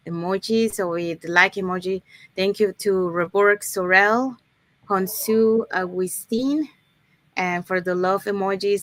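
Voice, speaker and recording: A woman's voice: fairly low pitch, fairly bright tone. A woman hosting an online live session, explaining goal setting step by step, with frequent "okay"s and restarts. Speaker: host.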